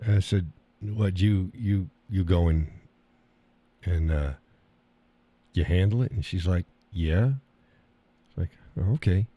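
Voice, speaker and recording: A man's voice: low voice, takes it slowly, long pauses, husky, muffled recording. A middle-aged American man hosting a live stream, ranting casually in a profane, rambling way and mocking other people's words. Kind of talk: casual storytelling rant.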